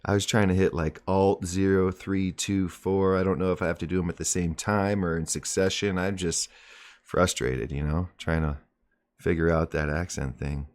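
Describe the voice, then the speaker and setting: A man in his forties hosting a live mindset stream, explaining ideas in plain terms with a relaxed, joking manner. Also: deep voice, normal speed. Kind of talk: live stream talk and teaching.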